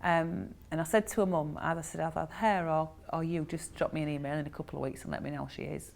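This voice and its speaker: A woman with a fairly low voice tells a story from her therapy work to an audience. She talks in a chatty, anecdotal way and often pauses on an um. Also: steady tone, creaky, a little mellow. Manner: chatty anecdotal delivery with frequent ums.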